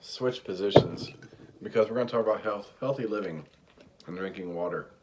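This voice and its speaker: A man's voice: fairly low pitch, brisk, a little mellow, a little hiss or hum. A man chatting casually with his partner, telling jokey stories and mimicking her voice. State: tired. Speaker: co-host. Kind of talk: casual chat.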